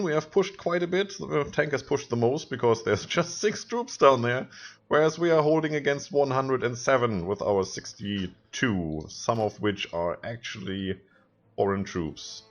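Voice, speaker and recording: A man's voice: mid-range voice, expressive, moderate pace, lo-fi sound. A man co-hosting a let's play, chatting casually and planning strategy aloud as he plays. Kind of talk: casual gameplay commentary.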